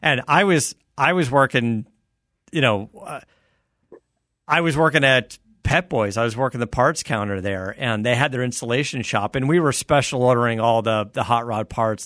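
A man from South Florida hosting a casual chat and reading an ad, relaxed and rambling. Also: mid-range voice, no echo, studio quality. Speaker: host.

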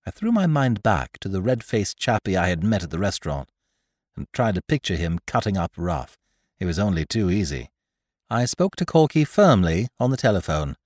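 A man reading a comic story aloud in first person, with an expressive, theatrical delivery. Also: sits low, normal speed, no echo, studio quality. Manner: lively and theatrical, bright comic timing. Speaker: audiobook reader.

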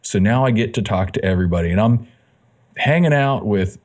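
A man's voice: lowish voice, brisk. A man, a fitness magazine editor, telling his story as a guest in a casual interview, acting out the dialogue he quotes. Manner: animated, acts out quoted dialogue.

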